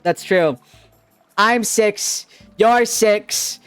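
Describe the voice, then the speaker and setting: A man's voice: high voice, very slow, fairly bright tone, smooth, no room sound, soft background music. A young man streaming as a VTuber, chatting casually in a giggly, rambling, playful and self-teasing way. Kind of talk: casual livestream chat.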